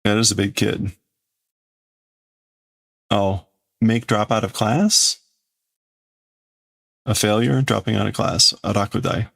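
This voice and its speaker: Slow, halting male streamer. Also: lowish voice, fairly even intonation, gravelly, fairly bright tone. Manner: halting, hesitant, full of restarts. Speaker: streamer translating a comic live. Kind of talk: live translation, thinking aloud.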